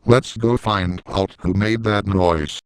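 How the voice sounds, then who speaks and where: A man reading calm talking rocket, matter-of-fact, clear, dry sound. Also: on the low side, slow, dry recording.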